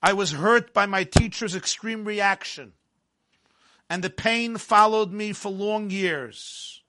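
High, bright-voiced male storyteller. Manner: measured, dramatic storytelling with quiet stretches. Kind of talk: first-person story narration.

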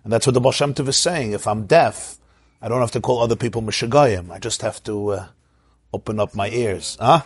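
Husky-voiced man teaching a Torah class. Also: lowish voice, brisk, no echo. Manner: storytelling, asks listeners questions, chants Hebrew verses.

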